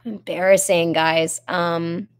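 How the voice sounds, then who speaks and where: A woman's voice: on the low side, little pitch movement, slow, clean tone. A young woman singer casually chatting on a live stream, answering fans' comments with lots of ums and giggles. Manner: giggly, rambling, with many ums. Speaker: singer in a band, hosting a live chat. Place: home in Nashville.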